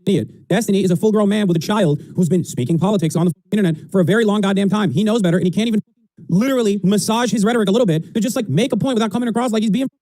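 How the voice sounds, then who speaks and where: A man's voice: high voice, rapid-fire, mellow, no room sound. A man streamer giving argumentative, sarcastic commentary on clips. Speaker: political streamer.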